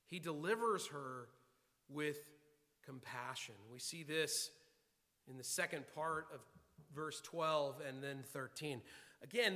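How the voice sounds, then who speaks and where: Long hall reverb surrounds this male pastor as he delivers a sermon to his flock. His voice is high-pitched, bright and pushed, and he is emphatic and repetitive, frequently starting his words over.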